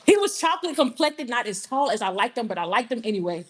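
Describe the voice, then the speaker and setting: A young woman with a Southern accent performs spoken-word poetry with a storyteller's comic timing. Her voice sits a touch high, and she breaks off to talk straight to the audience. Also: sing-song, fast talker, a crowd in the background. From Georgia, US. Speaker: performance poet.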